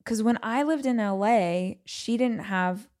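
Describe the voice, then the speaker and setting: Woman host, solo podcast, chatty and animated storyteller, mid-pitched. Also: measured pace. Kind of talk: casual solo podcast monologue.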